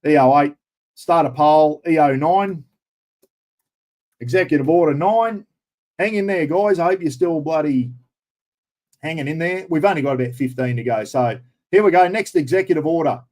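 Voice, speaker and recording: Australian male livestream host, middle-aged, blunt and sweary, fairly high voice for a man, fired-up political rant. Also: moderate pace, long pauses, darkish tone.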